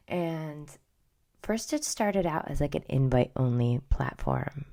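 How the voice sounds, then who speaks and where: This middle-aged woman hosts a podcast of casual pop culture chat, talking in a gossipy way and often slipping into whispered asides. Her voice is extremely low, creaky and dark, at a moderate pace.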